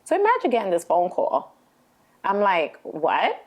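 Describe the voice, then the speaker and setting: A woman's voice: medium pitch, huge pitch swings, moderate pace. A middle-aged woman, a podcast co-host retelling a frightening phone call with emotion. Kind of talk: casual chat.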